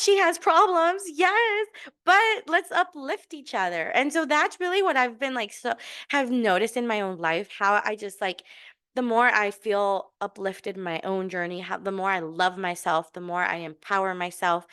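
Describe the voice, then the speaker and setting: A woman's voice: medium pitch, normal speed, smooth. A middle-aged woman hosting a podcast, telling a casual story and encouraging listeners, laughing often and restarting her sentences. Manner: laughing, chatty, many restarts and fillers; warm and encouraging. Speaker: podcast host.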